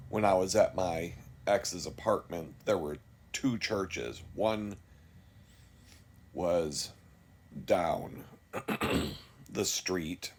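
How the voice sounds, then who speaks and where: A middle-aged man telling a rambling, candid personal story in a casual vlog, swearing freely and slipping into voices for the people he quotes. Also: low voice. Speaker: vlogger.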